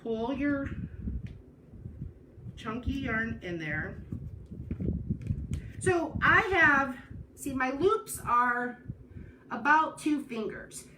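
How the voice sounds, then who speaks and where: A woman's voice: high-pitched, expressive, extremely slow, pauses often. A woman hosting a live craft tutorial, chatty and talking to herself as she works, often stopping with "hold on.". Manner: chatty, self-interrupting with "hold on". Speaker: craft host. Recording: distant mic with noise.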